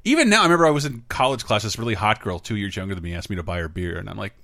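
Fast, animated man telling stories. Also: fairly low pitch, no echo, clean studio sound. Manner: animated anecdotes. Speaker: podcast co-host. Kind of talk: casual chat, storytelling.

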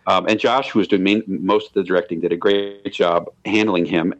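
A man's voice: low-pitched, steady tone, moderate pace, dull audio. A man telling behind-the-scenes stories in an interview, rambling with restarts and laughs. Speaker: guest, animated show co-creator. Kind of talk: anecdotal interview storytelling.

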